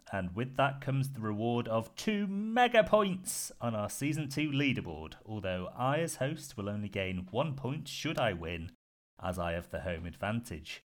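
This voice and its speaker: A British man hosting a podcast panel, mixing casual chat with wry scripted segments and frequent laughs. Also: mid-range voice. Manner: wry, laughs often, dry asides. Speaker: podcast host.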